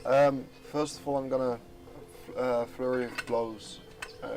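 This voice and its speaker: A man's voice: mid-range voice, level tone, a little slow, darkish tone. A man playing a tabletop game, declaring his moves with lots of hesitant ums. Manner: hesitant, many ums and uhs. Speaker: player. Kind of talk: casual tabletop game play.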